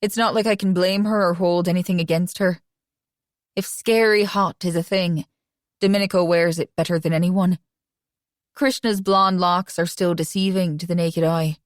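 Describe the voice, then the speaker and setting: A woman reading a romance audiobook in first person with an even, conversational delivery. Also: fairly low pitch, normal speed, no echo, clean studio sound. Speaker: audiobook narrator.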